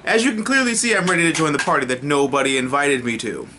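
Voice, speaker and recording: A man reviewing a TV episode in a casual, excitable way, swearing freely and restarting sentences. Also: on the high side, fast talker, slight background noise.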